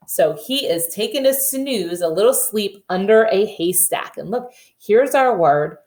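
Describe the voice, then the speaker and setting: A woman teaching a phonics lesson to children over video, sounding out letters and reading a nursery rhyme slowly and deliberately. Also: mid-range voice, animated, darkish tone. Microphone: camera facing the teacher.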